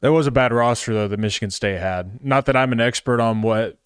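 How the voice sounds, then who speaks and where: A man's voice: mid-range voice, fairly quick, smooth, no echo, studio quality. A man co-hosting a casual sports talk show, hedging his opinions. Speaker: co-host.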